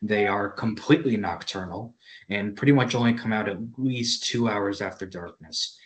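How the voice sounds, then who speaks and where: A man's voice: lowish voice, normal speed, a little hiss or hum. A man explaining fish habits in a matter-of-fact, expert way. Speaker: fishing guest. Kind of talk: informative explanation.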